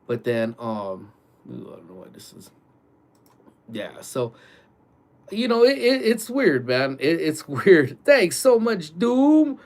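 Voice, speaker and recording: Man, casual vlogger, animated storytelling, filler-heavy speech, average pitch, office early morning. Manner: animated, lots of "like" and "dude".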